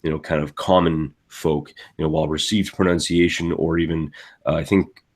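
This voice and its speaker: A man with a very low voice, from Canada, speaks as a panelist at a convention. He rambles, stacking fillers and starting his sentences over, in a loose, unscripted way. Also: level tone, moderate pace. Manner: rambling, full of fillers and restarts.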